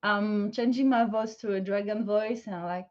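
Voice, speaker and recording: A woman's voice: mid-range voice, steady tone, normal speed, a little mellow. A woman playing a tabletop game, speaking hesitantly with trailing phrases. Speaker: player. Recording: dull lo-fi.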